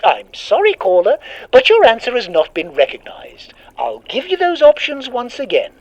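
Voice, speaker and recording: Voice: mid-range voice, huge pitch swings, normal speed, dry recording, highs cut off, pitched above the performer's own voice. A storyteller voicing a strange, bubbly automated hotline that recites options formally, sounding far off like a phone. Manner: bubbly, formal, recorded-message tone.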